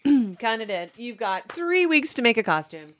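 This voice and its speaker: A woman's voice: fairly high pitch, big pitch swings, moderate pace. A woman co-hosting a podcast in casual chat, teasing and laughing with her co-host.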